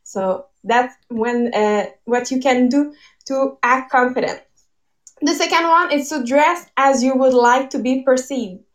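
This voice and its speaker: A woman's voice: high voice, a little slow. Faint, distant woman on a call. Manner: upbeat, giggly, list-like delivery. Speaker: guest speaker. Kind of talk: presenting tips on a live call. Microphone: phone on a video call.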